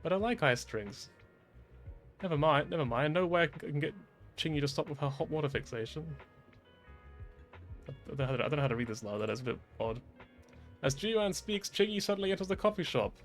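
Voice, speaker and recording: A man's voice: medium pitch, fast talker, pauses often, a bit bright, soft background music. A man streaming a game, reading its dialogue aloud with laughing, swearing asides. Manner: laughing, swearing asides between read lines.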